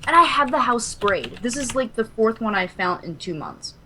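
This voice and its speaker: A woman from Kentucky, co-hosting a podcast, telling a story in casual chat, animated and dramatic, swearing freely. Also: a little high, moderate pace, slight background noise. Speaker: podcast co-host.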